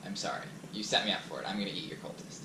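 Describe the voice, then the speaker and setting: A man chatting casually at a board game, giving short quick replies and sounding unsure of his moves. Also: deep voice. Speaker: game player. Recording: distant mic in echoey room, loud hiss.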